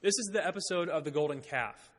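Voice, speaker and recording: A man's voice: fairly high pitch, fast talker, fairly bright tone. A man preaching a sermon in a church, reading scripture aloud and explaining it with light humor. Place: church sanctuary. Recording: long reverb in a church hall.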